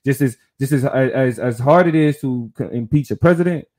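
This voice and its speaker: A man's voice: mid-range voice, normal speed, warm tone. A man co-hosting a podcast, explaining politics in a thoughtful, casual way, often restarting his phrases. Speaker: podcast co-host.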